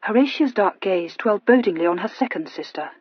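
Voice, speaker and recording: A woman's voice: mid-range voice, animated, fairly quick, husky, no room sound, dull audio. A woman narrating a novel expressively, voicing each of its characters. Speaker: audiobook narrator. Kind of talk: scripted narration.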